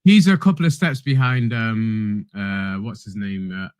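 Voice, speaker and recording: A man's voice: on the low side, measured pace, darkish tone, clean tone, no echo. A man on a football fan panel making his case earnestly, with plenty of ums and restarts. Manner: earnest, argues his point with fillers. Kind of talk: live fan show panel chat.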